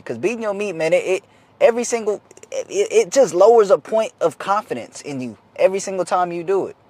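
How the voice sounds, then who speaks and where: Young man, vlogger, earnest motivational chat, slangy, fairly high voice, dry close sound. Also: a little mellow, dry recording. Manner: earnest, repetitive, slangy, restarts phrases. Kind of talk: casual motivational talk to camera.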